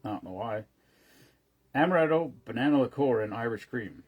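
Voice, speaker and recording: A man's voice: medium pitch, expressive, moderate pace, a little mellow, husky. A man casually chatting on a live stream, rambling between stories and greeting viewers by name as he mixes drinks.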